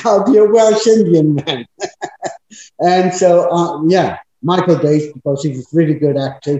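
Older guy chatting about old acting days, mellow voice, big echoey room, kinda muffled. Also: a little high. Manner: chatty, anecdotal storytelling with frequent fillers. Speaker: actor. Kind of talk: reminiscing interview. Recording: echoey, dull-sounding room.

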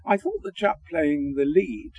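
An older Englishman reminisces about his acting days at an unhurried pace, his voice mellow and a little husky. His speech rises and falls a lot and is threaded with ums and uhs. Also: on the high side, huge pitch swings, rough recording. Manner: hesitant, full of ums and uhs, gentle and chatty. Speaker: actor interviewee. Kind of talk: reminiscing interview answers.

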